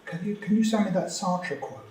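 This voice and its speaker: Chatty advisor, voice on the higher side, caught from a distance in a room. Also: male voice, moderate pace, dark tone. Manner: chatty, laughing asides. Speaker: student advisor. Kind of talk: casual chat. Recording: roomy, distant mic.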